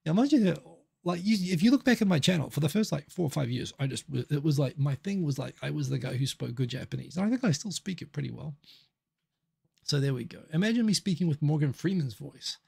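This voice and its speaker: A man's voice: fairly high pitch, animated, fast, vocal fry, a little mellow, husky. A middle-aged man from New Zealand hosting a casual live stream, chatting and reacting to viewer comments as they come in.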